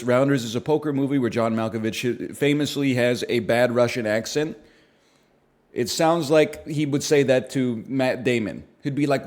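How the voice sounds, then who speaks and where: A man's voice: medium pitch, a little mellow. Wry, rambling man chatting on stream. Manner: rambling, wry, mock-serious bits. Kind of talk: casual chat riffing on his own jokes.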